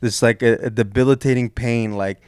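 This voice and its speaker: A young man tells a story on a comedy podcast, halting and full of restarts. His voice sits mid-range, recorded close and dry. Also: mid-range voice, steady tone, darkish tone, smooth, no echo. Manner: rambling, halting, many restarts. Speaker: podcast co-host.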